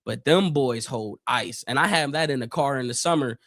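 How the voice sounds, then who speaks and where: A man from Northeast Ohio hosting a live stream, giving casual play-by-play, chatting with viewers in loose slang, his voice getting hoarse. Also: mid-range voice, normal speed, fairly bright tone, no room sound, studio quality. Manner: chatty, loose slang, reads chat aloud. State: voice going hoarse.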